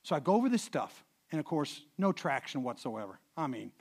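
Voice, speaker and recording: A middle-aged male preacher with a fairly high voice. He tells stories to a congregation in a loose, stop-start way, repeating words as he goes. He drops to a hush, then swells loud to drive his points home. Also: a little fast, hardly any pauses, slightly rough. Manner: animated storyteller, swings from hushed to loud emphasis; frequent repeated words and restarts. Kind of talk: sermon with anecdotes.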